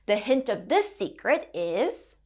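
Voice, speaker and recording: A woman in her thirties teaching Mandarin to children, gentle and encouraging, modelling sounds in a sing-song way. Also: a little high, very animated, slow pace, noisy background. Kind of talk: children's language lesson.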